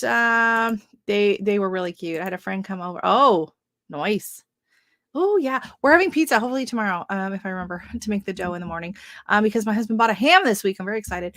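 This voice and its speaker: A woman's voice: medium pitch, fast talker, a bit bright, no echo, studio quality. A woman in her thirties from Canada hosting a casual gardening livestream, telling stories with lots of fillers and frequent laughs into a webcam at home. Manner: chatty storyteller, laughs often, many fillers. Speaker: gardening channel host.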